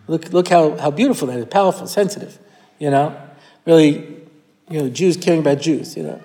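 In a hall with long reverb and a live audience, a man gives a Torah lecture, telling stories, acting out quoted voices and frequently restarting his phrases. His voice is on the high side and dark-toned, and he speaks a little fast.

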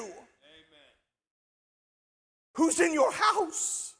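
A man preaching a sermon as pastor, impassioned, moving between shouted lines and hushed, quiet passages. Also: very high voice, expressive, measured pace.

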